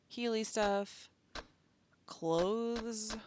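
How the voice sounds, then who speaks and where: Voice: medium pitch, lively intonation, a little slow, a bit bright, soft background music. A game streamer giving casual, self-mocking commentary and reading menus aloud while playing. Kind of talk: casual let's-play commentary.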